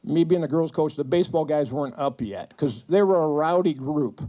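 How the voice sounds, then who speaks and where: A man's voice: on the high side, moderate pace, dark tone. A middle-aged man giving a joking speech full of stories at a retirement celebration, acting out the lines of the people in them. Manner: storytelling, acting out quotes, joking. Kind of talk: anecdotal speech to an audience. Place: event hall with audience.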